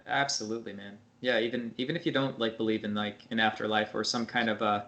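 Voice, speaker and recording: A man's voice: on the low side, level tone, quick pace, a bit bright, muffled recording. A man, a podcast guest, talking in laid-back casual chat and laughing along.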